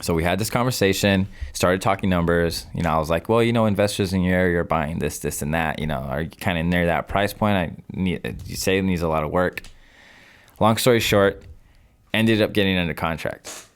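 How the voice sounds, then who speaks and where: Deep-voiced young man telling a story. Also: a little fast. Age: 20s. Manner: animated storyteller, acts out his own past phone calls. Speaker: podcast guest, real estate investor. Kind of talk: casual storytelling interview.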